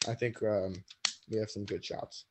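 A teenage boy chatting casually as a podcast guest, relaxed and self-deprecating, with lots of fillers. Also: on the low side, normal speed. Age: teens. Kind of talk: casual chat. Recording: noisy video call audio.

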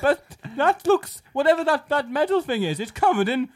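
A man doing a naive, excitable cartoon duck in a very high, squeaky voice. It swoops up and down all over the place. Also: moderate pace. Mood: puzzled.

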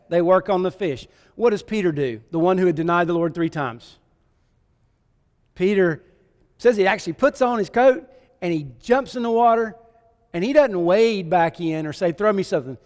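A preacher with a high voice tells the story vividly and keeps asking his listeners questions. His voice rings out in a large church hall with a long reverb. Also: a little mellow. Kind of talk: sermon.

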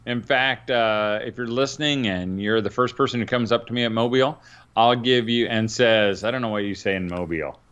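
A man's voice: mid-range voice, fairly quick, a bit bright, clean tone. A tired middle-aged man co-hosting a podcast in casual chat, rambling with lots of fillers. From northern Indiana. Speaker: podcast co-host, father. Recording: dull lo-fi sound.

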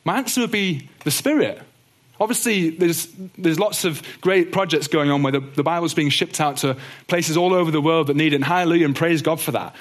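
Bible teacher, male, slightly higher voice, earnest and gentle delivery. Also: a little fast. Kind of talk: teaching talk on doctrine.

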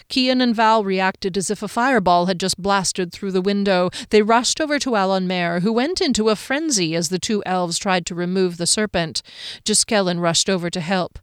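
A woman narrating a fantasy novel aloud in a calm, even storytelling manner. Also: moderate pace, clean tone, no echo, studio quality. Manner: calm, even storytelling that shifts pitch for quoted characters.

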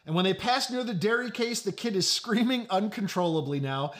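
Man preaching, middle-aged, conversational storyteller, fairly high voice, drops low and quiet. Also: expressive, brisk. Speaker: pastor. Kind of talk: sermon.

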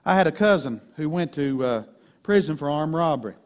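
A man's voice: fairly high pitch, animated, fairly quick. A man preaching a sermon in a folksy way, sketching stick figures and building to emphatic peaks. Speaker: pastor.

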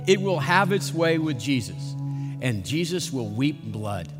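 A man preaching a sermon slowly and dramatically, building to intense questions. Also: mid-range voice, big pitch swings, in a large hall, over music.

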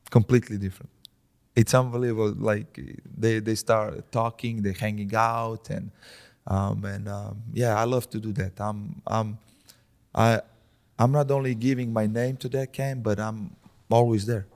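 A man with a Slovenian accent and a fairly low voice chats casually as a podcast guest. He talks in a relaxed way, repeating words as he hunts for the right phrase in his second language. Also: measured pace. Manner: relaxed, repeats words while finding them. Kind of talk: casual conversation.

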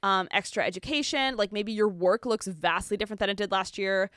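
Young woman, bright crisp voice, chatty and bubbly, casual podcast co-host, dry close sound. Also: medium pitch, a little fast, no echo.

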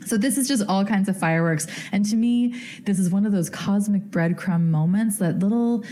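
A woman's voice: mid-range voice, normal speed, warm tone. A woman hosting a podcast, telling a story in a giddy, chatty way full of fillers. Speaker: podcast host.

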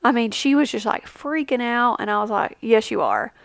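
A woman in her thirties, a mother, chatting casually in a vlog and giving tips with an animated, storytelling manner. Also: a little fast, no echo. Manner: chatty, animated, acts out quotes with big pitch jumps. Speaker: family travel vlogger, mother.

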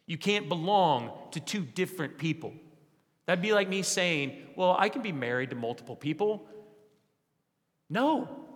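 Young man preaching in a reverberant church. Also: normal speed. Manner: animated preaching with rhetorical questions, dropping low and quiet for emphasis. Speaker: pastor. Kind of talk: sermon. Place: church sanctuary. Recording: long hall reverb.

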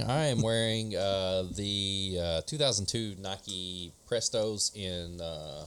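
Lower-voiced man, eager casual chatter. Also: takes it slowly, fairly bright tone, slight background noise. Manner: enthusiastic, hesitant with fillers and restarts. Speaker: podcast co-host. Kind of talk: casual chat.

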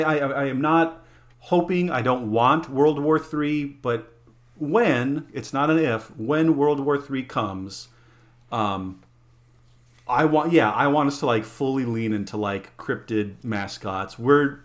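A man co-hosting a podcast, musing aloud in an animated way with frequent laughter. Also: medium pitch, slow. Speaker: podcast co-host. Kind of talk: casual chat.

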